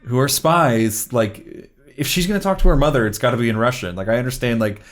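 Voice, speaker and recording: A man's voice: mid-range voice, fairly quick. A young man co-hosting a casual movie review podcast, stammering through restarts and trailing off. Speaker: podcast co-host.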